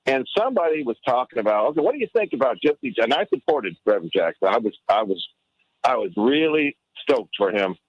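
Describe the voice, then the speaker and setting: A man in his fifties on a radio talk show, telling a memory with halting, restarting speech. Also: mid-range voice, husky, no room sound. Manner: halting, restarts often, grows excited. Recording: dull dry radio line.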